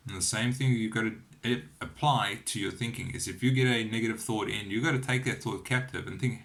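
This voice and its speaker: A man telling a personal faith testimony to his camera at home, earnest and encouraging, with lively storytelling. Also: lowish voice, a little fast, few pauses. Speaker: Christian vlogger sharing testimony. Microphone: camera on a cheap wobbly phone holder.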